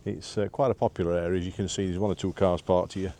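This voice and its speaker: A man's voice: low-pitched, flat delivery, quick pace, mellow. A man, chatting casually as he walks and films outdoors on a breezy hillside, rambling with lots of "uh" fillers. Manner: chatty and rambling, many "uh" fillers, self-deprecating. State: out of breath after climbing. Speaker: vlogger. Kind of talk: casual walking vlog narration. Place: outdoors on a windy hillside path.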